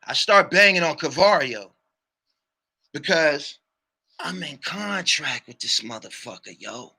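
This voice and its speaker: A man telling a heated personal story to his channel, swearing often and shouting when worked up. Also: on the high side, expressive, unhurried, breathy edge. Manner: repeats "you dig what I'm saying". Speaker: channel host. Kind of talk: storytelling vlog monologue.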